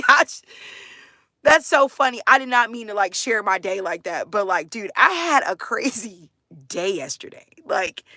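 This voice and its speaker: A woman talking casually with viewers, chatty and animated, laughing often and saying "like" and "dude" a lot. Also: medium pitch, dry recording, clean studio sound. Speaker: mother sharing her family life.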